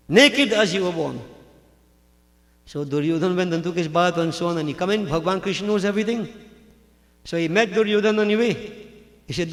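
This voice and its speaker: A man's voice: high voice, expressive, normal speed, pauses often. A man preaching a sermon, telling scripture stories dramatically and acting out the characters. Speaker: pandit preacher. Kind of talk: sermon storytelling. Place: large hall at a religious gathering. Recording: long reverb of a hall.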